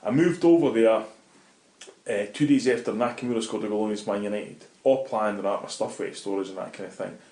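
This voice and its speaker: Low-voiced Scottish man telling stories. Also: a little fast. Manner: animated, anecdotal, swears freely. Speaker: interview guest. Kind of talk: casual storytelling. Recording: roomy echo.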